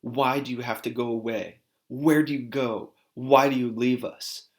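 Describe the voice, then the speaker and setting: A man voicing a furious woman shouting at men. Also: fairly even intonation, measured pace, close to an everyday voice. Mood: raging. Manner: shouting, accusing, rising in pitch.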